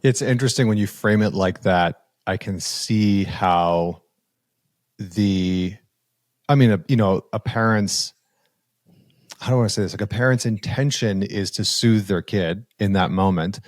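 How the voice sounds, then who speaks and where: A man's voice: fairly low pitch, measured pace, no echo, studio quality. A man hosting a podcast interview in a casual conversational way, thinking aloud with restarts as he searches for words. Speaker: podcast host.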